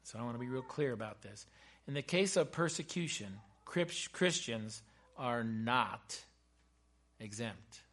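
A man's voice: medium pitch, lively intonation, measured pace, fairly bright tone. A man preaching a sermon with fervent emphasis, breaking into chatty asides to his congregation.

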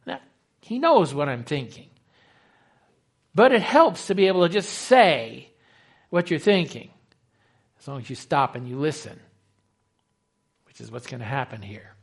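Male pastor, slightly high voice, lively sermon delivery that acts out quotes. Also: a little slow, creaky, long pauses, breathy edge. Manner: animated preaching, acts out quoted dialogue.

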